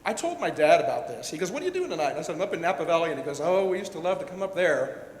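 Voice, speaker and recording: Male event speaker, candid and emotional, slightly high voice, reverberant hall. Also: animated, rapid-fire. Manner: personal, emotional, rambling with restarts. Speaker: event speaker, director-producer. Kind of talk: candid speech to an audience. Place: large hall. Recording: echoey hall with faint rumble.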